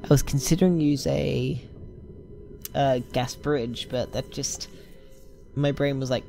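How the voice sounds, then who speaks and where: A man's voice: medium pitch, steady tone, slow, creaky, long pauses. Guy rambling through gameplay commentary, lots of ums, faint music under it. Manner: rambling, thinking aloud with many fillers. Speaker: gameplay video host.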